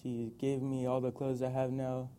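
A man's voice: mid-range voice, monotone, normal speed, warm tone, a little hiss or hum. A young man giving a hesitant thank-you to his mother in front of a group. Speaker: son giving a tribute. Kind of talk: informal public speech.

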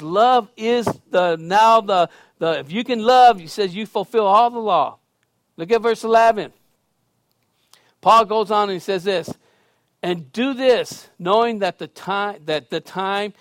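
A pastor preaching in a high, lively voice, recorded dry and close. He swings from loud, emphatic lines to quiet, chatty asides. He tells stories casually and laughs along the way. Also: no room sound. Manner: conversational storytelling with laughs. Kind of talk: sermon.

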